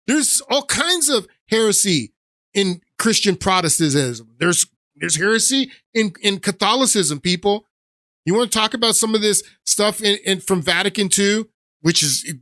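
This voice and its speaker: A man's voice: high voice, bright, forceful tone, dry recording, clean studio sound. A man hosting his own podcast, giving emphatic, repetitive opinion commentary with many restarts. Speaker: podcast host.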